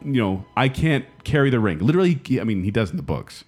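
A man's voice: medium pitch, very animated, quick pace, darkish tone, faint music behind. A man co-hosting a casual podcast chat, earnest and openly emotional as he talks. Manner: earnest, emotional, reads passages aloud. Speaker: podcast co-host.

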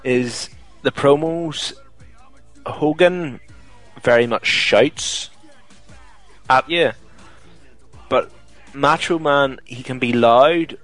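A podcast co-host tells stories in a chatty, steady way, packing in lots of fillers during casual conversation. His mid-range voice moves very slowly with long pauses, and the low-quality recording has no echo but faint music in the background.

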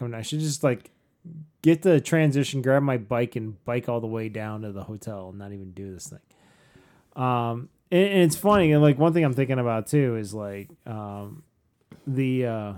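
A middle-aged man, co-host of a podcast, telling a story casually, animated and self-mocking, with frequent swearing. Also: mid-range voice, normal speed.

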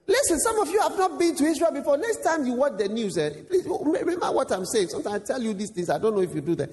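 A male pastor preaching a sermon, acting out dialogues with lively voices. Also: extremely high pitch, quick pace, few pauses, long reverb tail. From Ghana. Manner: animated, acts out dialogues in voices.

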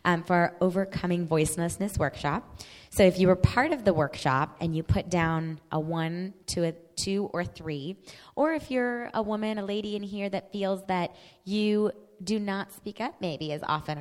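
A woman organizer giving polite, measured announcements to a congregation. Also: on the low side. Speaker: event organizer. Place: mosque prayer hall. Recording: long hall reverb.

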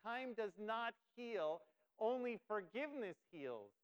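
A pastor preaching a sermon, emphatic and lively, who acts out quotes from daily life. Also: male voice, sits high, takes it slowly, smooth, dull audio.

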